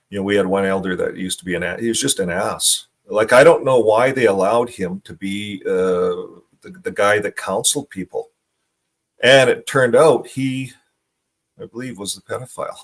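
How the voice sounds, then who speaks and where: Middle-aged guy ranting bluntly, kinda low voice, keeps repeating himself. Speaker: host. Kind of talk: casual monologue.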